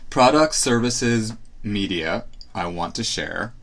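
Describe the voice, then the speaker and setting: A man's voice: fairly low pitch, expressive, slow pace, fairly bright tone. A man hosting a solo podcast, talking casually in a rambling, hesitant, self-reflective way. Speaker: podcast host. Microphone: live stream setup.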